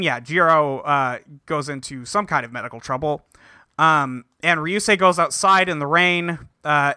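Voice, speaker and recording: A man casually recapping an anime plot on a podcast, acting out characters' lines in quick voices. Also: a little high, sharp tone. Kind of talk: casual chat.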